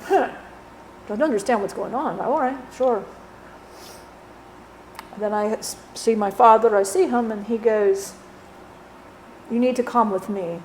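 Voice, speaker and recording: A woman's voice: on the high side, measured pace, pauses often, a little mellow, a little hiss or hum, natural voice. A woman channeling the spirit of a dead man, who rambles bluntly, swears and keeps saying "you know". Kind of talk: channeling session.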